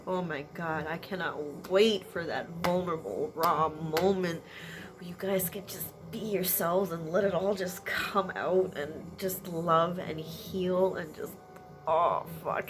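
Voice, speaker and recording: Woman card reader, tired and sniffly, slow unhurried delivery over steady background hiss. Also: on the low side. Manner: emotional, sniffly, trailing off, laughing through tears; tired, late at night. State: teary and congested from crying. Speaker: tarot energy reader. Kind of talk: late-night solo reading to camera.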